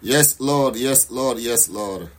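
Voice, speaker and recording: A man with a medium-pitched voice speaks slowly as he preaches and leads a live prayer session. In this fervent sermon and prayer, he urges listeners to declare aloud and pray with passion, repeating declarations with rising intensity.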